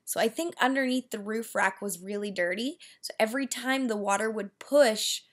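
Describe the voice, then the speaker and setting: A woman talking to her camera in a casual vlog, venting with exasperated groans and lively, animated delivery. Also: a little high, moderate pace. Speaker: vlogger.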